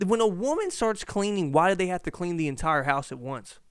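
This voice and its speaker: A man's voice: sits high, brisk, smooth, no room sound, clean studio sound. A young man hosting his own podcast, ranting casually and profanely about sports and home life into a handheld mic. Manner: profane, rambling, animated rants. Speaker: podcast host.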